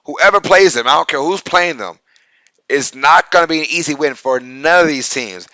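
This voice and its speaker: A man's voice: fairly high pitch, moderate pace, sharp tone, no room sound. A young man with a Southern accent co-hosting a casual sports live stream, chatty and full of fillers as he reads viewer comments aloud. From Louisiana. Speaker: sports podcast co-host.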